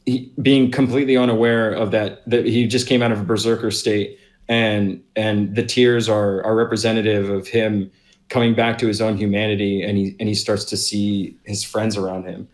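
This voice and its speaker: Lowish guy playing an rpg, umming and halting through his turn. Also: flat delivery. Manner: halting, filler-heavy describing. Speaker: player. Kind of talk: casual tabletop game play.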